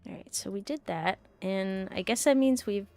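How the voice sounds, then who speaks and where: A woman's voice: medium pitch, moderate pace, mellow, soft background music. A woman streamer giving casual game commentary with chatty, giggly asides.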